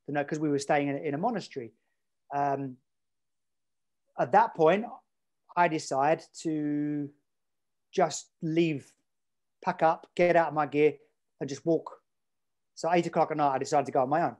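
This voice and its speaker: Man, English accent, slightly high voice, rambling storyteller, casual. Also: moderate pace, long pauses, darkish tone. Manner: rambling, chatty, many fillers. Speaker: podcast guest.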